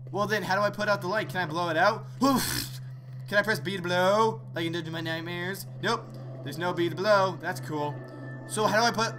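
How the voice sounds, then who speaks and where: A man hosting horror let's-play commentary, joking sarcastically and yelling in fright. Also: high voice. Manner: excitable, jokey, sarcastic, screams in fright. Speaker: gaming channel host.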